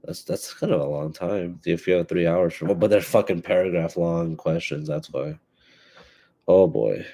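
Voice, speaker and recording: Stuffy with allergies, this young man hosts his own podcast in a rambling, profane way, full of swearing, fillers, and restarts. He has a deep, warm voice and speaks at a moderate pace.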